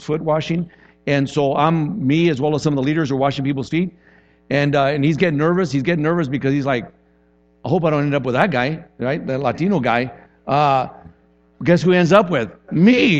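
A man preaching a sermon in a relaxed, conversational way. His pitch is mid-range, and his delivery turns animated when he acts out quotes. The sound is slightly dull and muffled. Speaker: pastor.

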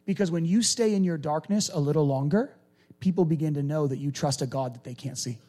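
A male preacher giving a conversational, animated sermon and acting out quoted lines. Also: on the high side, brisk, soft background music.

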